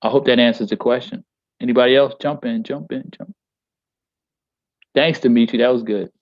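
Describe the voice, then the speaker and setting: A man's voice: medium pitch, steady tone, fairly quick, no echo, dull audio. A man teaching a poetry workshop on a video call. He speaks emphatically and rhythmically, stretching key phrases and often checking in with "all right?".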